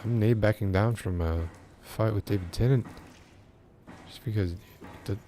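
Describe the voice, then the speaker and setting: A man's voice: on the low side, normal speed, mellow, a little hiss or hum, natural voice. A man doing a playful, exaggerated put-on Scottish accent as a boastful Scotsman. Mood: mock-defiant. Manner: playful, mock-defensive.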